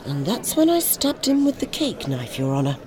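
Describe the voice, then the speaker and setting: A woman's voice: fairly low pitch, very animated, moderate pace, dark tone. An actress playing a weary, wry mother of the bride in a TV drama.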